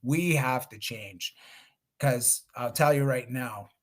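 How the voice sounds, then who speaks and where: Middle-aged male guest speaker, mid pitch, chatty storyteller on a video call. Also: slow. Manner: conversational, restarts, acts out quotes. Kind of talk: webinar storytelling.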